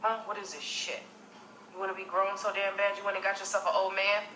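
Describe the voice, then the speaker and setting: A woman's voice: mid-range voice, level tone, brisk, bright, forceful tone, slight background noise, natural voice. A woman playing a furious, cursing mother. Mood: scolding. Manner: harsh, cursing, contemptuous. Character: angry mother scolding her teenage daughter. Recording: roomy film sound from a distance.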